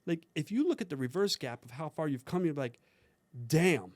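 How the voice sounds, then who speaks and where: A man's voice: fairly high pitch, very animated, fast talker, a little mellow, no room sound. A man speaking as a podcast guest, giving earnest motivational talk about goals in a casual conversation. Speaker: podcast guest, mindset coach.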